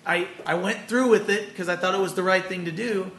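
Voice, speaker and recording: A man's voice: high voice, fairly even intonation, fairly quick, a bit bright. A man preaching an earnest, conversational sermon with personal stories, then closing in prayer. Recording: echoey room.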